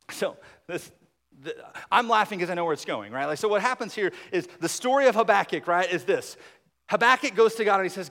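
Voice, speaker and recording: Male pastor, high voice, emphatic sermon delivery, echoing sanctuary. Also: expressive, a little fast. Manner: emphatic, drops to a hush on key points.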